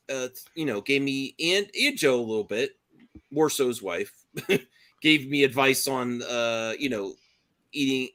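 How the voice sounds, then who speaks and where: A man's voice: medium pitch, bright, forceful tone. A man hosting a casual livestream chat with friends, rambling, restarting often and laughing a lot. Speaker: stream host.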